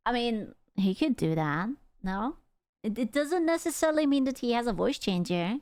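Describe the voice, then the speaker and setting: A woman's voice: on the high side, animated, normal speed, smooth, no echo. Giggly young woman streamer, dry close mic. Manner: giggly, chatty, lots of fillers and laughter. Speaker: streamer reacting to a video. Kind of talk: casual reaction commentary.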